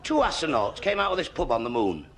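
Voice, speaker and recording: A Mancunian man doing stand-up, firing off one gag after another and landing the punchlines flat. His voice sits a little high and gravelly, with a bright, sharp edge. His pitch swings widely as he jumps between the characters. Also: a faint crowd. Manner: brisk joke-telling with deadpan punchlines. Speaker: stand-up comedian. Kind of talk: stand-up comedy.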